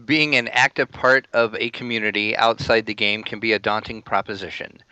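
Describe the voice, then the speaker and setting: A man reading a listener's letter aloud with a wry, amused delivery. His voice is bright and forward, recorded dry and close. The audio has a slightly dull, lo-fi quality. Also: on the low side, fairly even intonation, brisk, smooth, no echo. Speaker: podcast co-host reading a listener comment.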